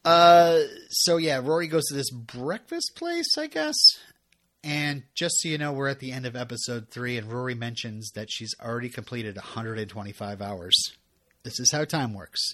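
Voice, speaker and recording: A man in his thirties talks through TV episodes on a podcast, rambling and restarting his sentences, chuckling as he goes. His voice sits at an ordinary middle pitch. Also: expressive, normal speed, a bit bright. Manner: rambling, self-interrupting, chuckling. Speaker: podcast co-host. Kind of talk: casual recap chat.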